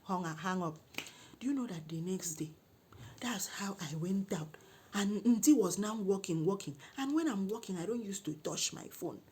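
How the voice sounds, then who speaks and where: A middle-aged woman with a Nigerian English accent, telling a comic story in an animated, exclaiming way and scolding when indignant. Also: medium pitch, moderate pace, breathy edge. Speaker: comedic storyteller.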